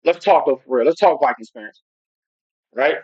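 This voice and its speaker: A man's voice: mid-range voice, expressive, normal speed, a little mellow, breathy edge, dry recording. A man hosting a casual football livestream who rambles loosely and talks straight to his chat. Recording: dull lo-fi home stream audio.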